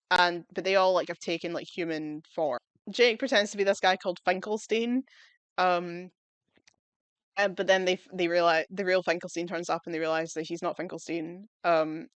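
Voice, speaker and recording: A woman's voice: lowish voice, a bit bright, dry recording. Laughing woman in a dry room. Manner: enthusiastic, laughs often, rambling asides. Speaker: video reviewer. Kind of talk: casual chatty review.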